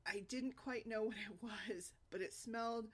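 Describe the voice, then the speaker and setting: A woman's voice: fairly high pitch, moderate pace, fairly bright tone. Chatty woman telling a family story. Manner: chatty, rambling, laughs often, many fillers. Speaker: single mom blogger. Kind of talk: casual personal storytelling.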